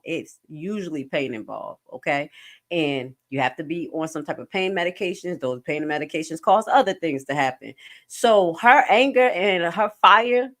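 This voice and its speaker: Lively woman livestream host. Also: on the low side. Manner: animated, emphatic, jokey asides. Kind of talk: casual commentary livestream.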